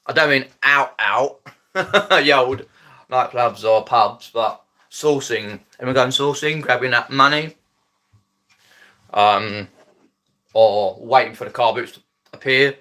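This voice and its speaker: A man's voice: medium pitch, slow pace, long pauses, pushed and bright. A man from Surrey with a Mockney accent, chatting casually to viewers on his phone live stream, rambling with many ums and restarts. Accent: Mockney, South East English. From Epsom, Surrey, England.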